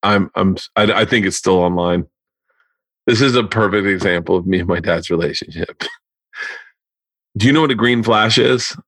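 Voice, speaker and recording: A man in his forties, a comedian hosting a podcast, telling stories in a casual, profane, animated way. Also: deep voice, moderate pace, pauses often, slightly rough, dry recording. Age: 40s. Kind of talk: casual storytelling chat.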